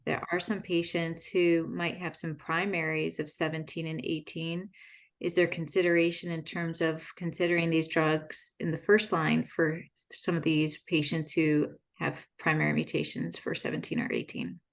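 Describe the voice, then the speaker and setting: A woman moderating a webinar Q&A over a video call, friendly and pausing often with "um". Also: low-pitched, little pitch movement, creaky.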